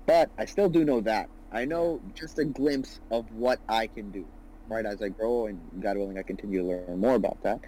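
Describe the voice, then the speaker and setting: A young man in his twenties chatting on a podcast about his own venture. His voice is mellow and a little husky, and he talks earnestly, circling back on himself and tagging his points with "you know" and "right". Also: fairly low pitch, moderate pace, poor audio. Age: 20s. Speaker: business founder guest. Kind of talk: casual podcast conversation.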